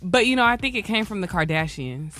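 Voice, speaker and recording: A woman in her twenties chatting frankly on a morning radio show, relaxed and sprinkling her talk with like. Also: medium pitch, a little fast, no echo, faint music behind. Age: 20s. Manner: relaxed, frank, says like a lot. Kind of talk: casual radio chat.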